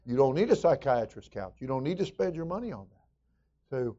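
A man's voice: on the high side, very animated, normal speed, darkish tone, lo-fi sound. A man preaching a sermon as pastor, folksy and conversational with emphatic rising bursts.

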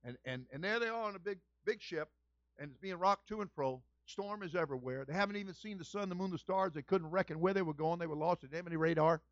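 A man's voice: high voice, fast, no room sound. Folksy preacher man, muffled recording. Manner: folksy storytelling, builds to loud shouting fervor. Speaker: pastor. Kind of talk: sermon.

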